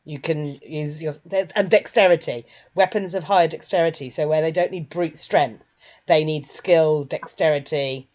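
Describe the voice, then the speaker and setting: Chatty woman, lowish voice. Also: normal speed. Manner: animated, puts on silly voices when quoting. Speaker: podcast co-host. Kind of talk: casual chat reviewing a film.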